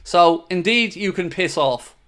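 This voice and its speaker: A man hosting a live football watchalong, excitable and blunt, swearing freely as he talks. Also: high-pitched, a little slow. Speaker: host of a fan watchalong.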